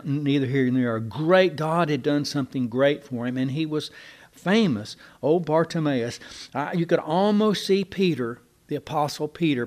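An older man preaching a sermon in a folksy, digressive way, with asides and restarts. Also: mid-range voice.

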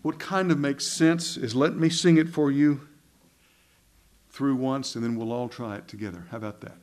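Man, leading a group in learning a hymn; halting, reads verses aloud. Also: medium pitch, fairly even intonation, darkish tone. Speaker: song leader teaching a hymn. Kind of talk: teaching a group a new hymn.

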